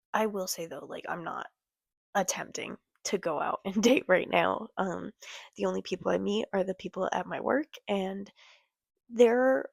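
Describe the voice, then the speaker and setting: A young woman talking casually to her camera late at night, halting with many ums and sighs. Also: fairly low pitch, gravelly, dry recording. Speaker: vlogger. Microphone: computer or phone camera.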